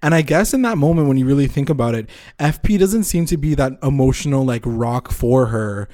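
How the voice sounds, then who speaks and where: A man's voice: mid-range voice, animated, fairly quick, dark tone. Man, co-host, casual recap talk, playful scene retelling. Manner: playful, recounts scenes in mock character voices.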